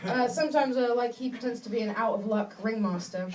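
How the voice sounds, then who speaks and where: A woman from England performing a stand-up comedy set in a small club, speaking in a dry, halting way with lots of fillers and restarts. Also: a little high, very noisy. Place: small club with a live audience. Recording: distant mic, loud crowd laughter. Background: audience laughing.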